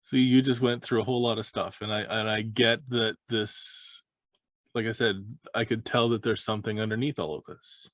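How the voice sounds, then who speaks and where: A man hosting a podcast as a life coach, speaking in a calm, measured, reassuring way. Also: fairly low pitch, no room sound.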